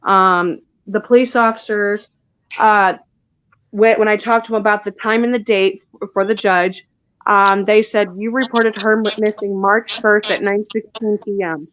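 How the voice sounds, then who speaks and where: A woman being interviewed about her missing daughter, speaking haltingly and often restarting her words. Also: medium pitch, steady tone, fairly bright tone, no echo, rough recording. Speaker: guest, mother of a missing child. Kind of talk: emotional interview recounting events.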